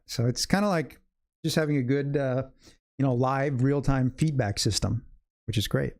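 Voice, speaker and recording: With a medium pitch, normal speed and a slightly mellow tone, a man hosts a live day trading stream. He talks through his thinking in loose, chatty sentences, speaking right to the viewers in chat.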